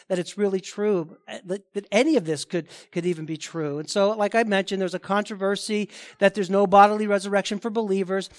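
A man's voice: high-pitched, fairly even intonation, fairly quick, few pauses. A man preaching a sermon as pastor of a church, reading scripture and then preaching emphatically. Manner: emphatic preaching with rising intensity; quiet reverent prayer.

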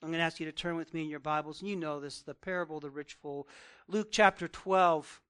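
A man's voice: on the high side, steady tone, quick pace, a bit bright, clean tone. A male pastor preaching a conversational sermon, reading scripture aloud and asking the congregation direct questions. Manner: reads scripture aloud, then riffs on it.

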